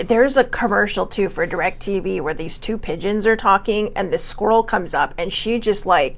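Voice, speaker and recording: A woman in her forties hosting a casual self-care talk show, chatty and rambling, laughing often and a bit congested. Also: medium pitch. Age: 40s. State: coughing, sinus congestion. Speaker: host.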